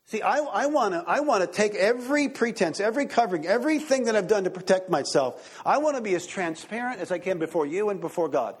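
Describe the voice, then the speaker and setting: A man preaching a sermon as pastor, excitable and animated, turning to the congregation with asides and questions. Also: sits high, fast talker, hardly any pauses, husky.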